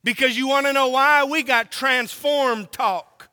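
High bright-voiced preacher in echoing hall. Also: male voice, fairly even intonation, clean tone. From Oklahoma, US. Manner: emphatic, drawn-out preaching with rhetorical questions. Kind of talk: sermon.

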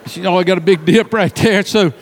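A male pastor telling a story in a sermon, lively and animated, sometimes dropping to a soft, hushed voice. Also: high voice, a little fast. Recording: long hall reverb.

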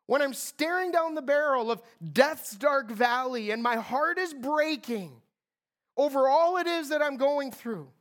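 Earnest, higher-voiced woman preaching a sermon. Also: a little slow. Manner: earnest, emphatic preaching with repeated phrases.

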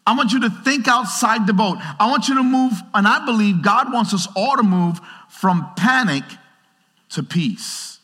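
A man preaching a sermon in a conversational, animated way, talking straight to the congregation and acting out quotes. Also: high voice, moderate pace, few pauses. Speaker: pastor. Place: large church hall. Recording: reverberant church hall.

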